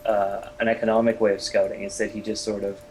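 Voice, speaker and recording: A man giving color commentary on a video game match in a measured, analytical way, with hesitant fillers. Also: fairly low pitch, little pitch movement, darkish tone, a little hiss or hum, low-quality recording.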